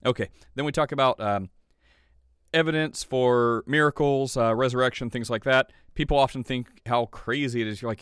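A man's voice: mid-range voice, moderate pace, a bit bright, clear, resonant tone, dry recording. Male podcast host, casual rambling delivery, mid-range voice, dry close sound. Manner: chatty, rambling, gets worked up.

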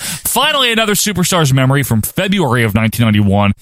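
A man co-hosting a podcast, recapping old wrestling shows in a sarcastic, joking way with quick impressions. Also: mid-range voice, big pitch swings, a bit bright, no room sound. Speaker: podcast co-host.

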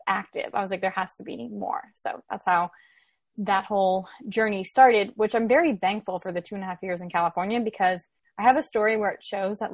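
A woman's voice: medium pitch, no room sound. A young woman in her twenties, telling a personal story in casual chat with lots of "like" fillers. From Florida, USA. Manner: animated retelling with many "like" fillers. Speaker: podcast guest.

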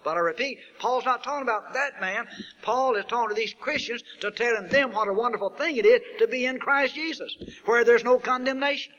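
A man preaching a sermon who builds to emphatic peaks and asks rhetorical questions, stretching out key words slowly. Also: very high voice, fairly bright tone, dull audio. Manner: slow drawn-out stresses on key words.

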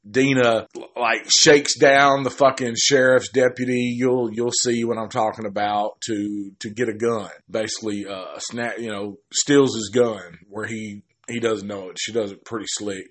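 A man casually retelling a horror film's plot, rambling and swearing constantly, often stopping to restart a sentence and tossing in the characters' lines as quick quoted asides. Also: on the low side, a bit bright. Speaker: film reviewer. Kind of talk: casual profane film recap.

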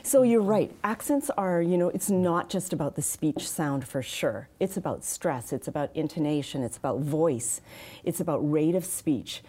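A woman with a low, mellow voice explains how speech is taught, steady and practical. She talks in a measured way, pausing on fillers as she works through each point. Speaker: accent and speech specialist. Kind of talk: interview answers, explanatory.

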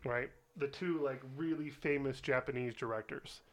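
A man's voice: medium pitch, moderate pace. A man co-hosting a casual film podcast, easygoing and laughing a lot, often trailing off mid-sentence. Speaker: podcast co-host. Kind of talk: casual chat.

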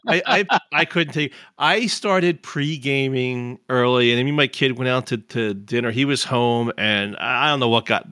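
A man's voice: mid-range voice, moderate pace, few pauses, pushed and bright, no echo, clean studio sound. A middle-aged man hosting a casual podcast, rambling and self-mocking and laughing often. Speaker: podcast host.

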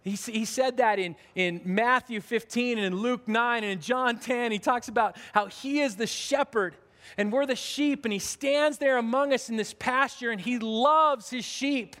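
A pastor with a very high, fairly bright voice preaches a conversational sermon in a church at a moderate pace. He talks earnestly with frequent restarts, and the recording carries a long hall reverb.

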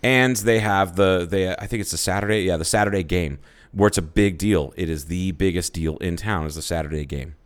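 A man's voice: low-pitched, fairly quick. A man from Ohio co-hosting a podcast, chatting casually in a rambling, profane way with lots of restarts. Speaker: podcast co-host. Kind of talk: casual chat.

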